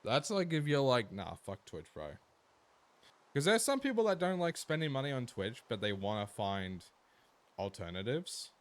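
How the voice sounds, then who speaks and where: An Australian man streaming a game, chatting casually with his viewers and swearing freely, swinging from low mumbles to sudden loud outbursts. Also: lively intonation, moderate pace.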